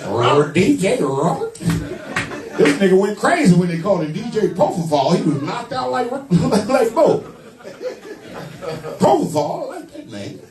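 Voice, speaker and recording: A man with a very high voice, working through a rowdy stand-up roast with crude slang. His pitch swings all over the place as he tells his stories. The sound is echoey and distant, with a crowd laughing all around him. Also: very animated, measured pace, music in the background. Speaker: stand-up comedian. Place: comedy club stage.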